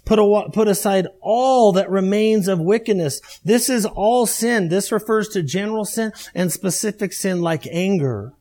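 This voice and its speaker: Middle-aged man, pastor, high-pitched voice, emphatic sermon delivery with repeated phrases. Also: warm tone. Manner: emphatic, repetitive preaching cadence.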